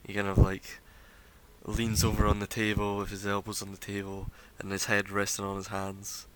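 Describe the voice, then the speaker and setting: A man narrating as game master, describing scenes in a relaxed way with fillers. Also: on the low side, moderate pace, slight background noise, low-quality recording.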